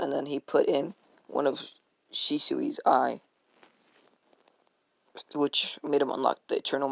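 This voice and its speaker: A man with a slightly high voice narrates a fan-made story off the cuff, and a gravelly rasp runs through his speech. He rambles, restarts his sentences and swears freely. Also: dry recording. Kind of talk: casual unscripted story retelling.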